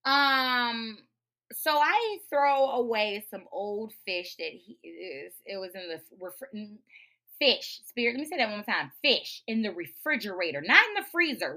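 Lively bright-voiced woman ranting. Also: on the high side, unhurried. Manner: profane, emphatic, animated. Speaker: podcast host. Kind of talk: casual ranting monologue.

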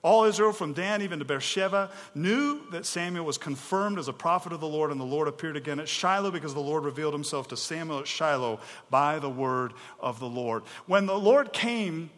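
A man's voice: on the high side, expressive, fairly quick, few pauses, a bit bright. A man preaching a sermon as pastor, emphatic and conversational, speaking plainly to the congregation with casual asides. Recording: long hall reverb.

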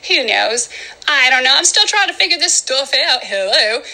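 A woman's voice: high-pitched, animated, normal speed, vocal fry, low-quality recording. A woman hosting a podcast in a goofy, rambling comedic monologue, laughing and jumping from bit to bit. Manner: goofy, loud, laughing, jumping between bits. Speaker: podcast host.

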